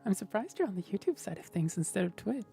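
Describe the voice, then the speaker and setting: A woman streamer in casual livestream chat, explaining voice technique in a gentle, thoughtful way and often checking in with "right?". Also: medium pitch, very animated, brisk, gravelly, faint music behind. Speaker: streamer host.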